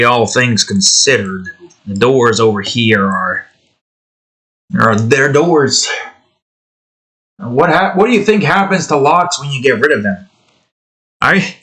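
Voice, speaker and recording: A bright, clear-toned man in a mid-range pitch, talking to himself as he works on a hobby game. He rambles and swears, addresses the objects on his screen as if they could hear, and slips into a joking redneck drawl. The delivery is loose, unscripted commentary. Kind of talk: casual commentary while building a game.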